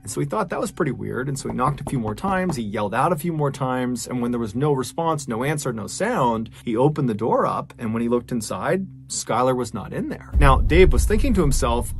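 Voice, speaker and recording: A man's voice: mid-range voice, expressive, a little fast, hardly any pauses, slight background noise. A man telling a true-crime story in a casual, conversational way, with frequent filler phrases. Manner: casual, conversational, many "you know" fillers. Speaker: host and storyteller.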